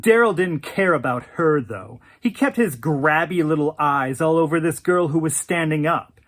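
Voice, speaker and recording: A campy, sassy storyteller narrates in the first person with a diva's swagger, tossing in "honey" and "darling." The voice swoops up and down through a wide, lively pitch range, sitting in the middle of the register. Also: normal speed, few pauses. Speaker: narrator speaking as the oral-history subject.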